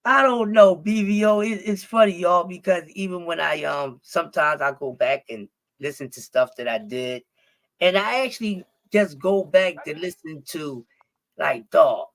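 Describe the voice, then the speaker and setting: A man from Philadelphia talking as an interview guest in casual chat, with a slight lisp and a bit of rasp, relaxed, full of fillers and swearing. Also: a little high, moderate pace.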